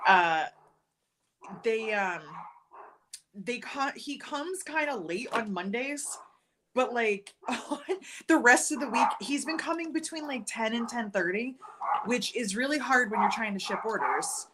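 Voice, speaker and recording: A woman co-hosting a casual live stream from her sewing room at home, chatty, laughing often and breaking into quick asides. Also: on the high side, animated, background noise. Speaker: livestream co-host. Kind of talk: casual chat while sewing. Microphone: computer mic on a live stream.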